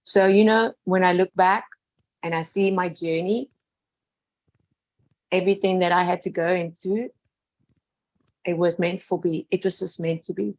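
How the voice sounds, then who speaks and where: A woman telling a heartfelt personal story in an earnest, emotional way. She repeats phrases, laughs softly, and often drops to a hushed voice. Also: fairly low pitch, fairly even intonation, unhurried, long pauses.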